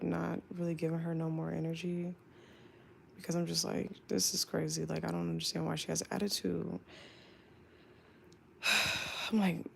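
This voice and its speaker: Chatty young woman with vocal fry. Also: fairly low pitch, slight background noise. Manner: chatty, animated, lots of "like". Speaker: flight attendant. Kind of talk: casual storytime.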